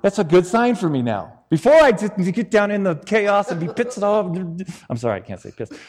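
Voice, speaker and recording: A man preaching a sermon in an animated, joking, conversational way. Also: high-pitched, a little fast, big-room sound.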